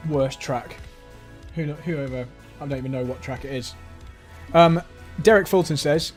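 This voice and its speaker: A man's voice: mid-range voice, normal speed, a little mellow. A man hosting a live stream, reading viewer comments aloud and joking about them. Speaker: stream host reading chat. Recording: intro music behind.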